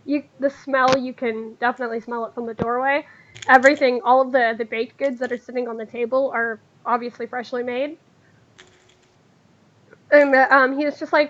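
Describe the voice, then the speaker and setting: A woman narrating as game master of a tabletop game, halting, with many fillers. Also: high voice, fairly even intonation, fairly bright tone, muffled recording. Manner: hesitant, with many fillers and laughs.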